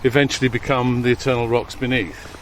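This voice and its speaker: A man's voice: mid-range voice, level tone, brisk, a little hiss or hum. A man hosting an interview on a countryside walk, asking friendly questions. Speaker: podcast host interviewer. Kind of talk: casual outdoor interview on a walk. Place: hillside countryside walk outdoors. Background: faint outdoor ambience and distant vehicles.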